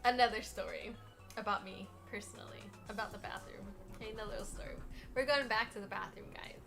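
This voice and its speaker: A woman narrating a comic storytime, animated and full of swearing, dropping to mumbles and then rising loud. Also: mid-range voice, fast talker, vocal fry, soft background music. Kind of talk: casual comedic storytime voice-over.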